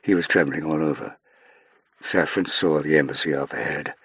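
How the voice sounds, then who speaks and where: Very deep husky male narrator. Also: normal speed, a bit bright, dry recording. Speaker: audiobook narrator. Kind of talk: scripted narration.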